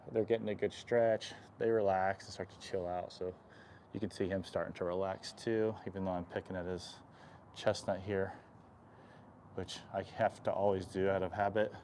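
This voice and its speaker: A man working as an equine chiropractor, explaining stretches on a live stream while softly soothing the horse and often clearing his throat. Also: lowish voice, steady tone, normal speed, slight background noise. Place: horse stall in a stable.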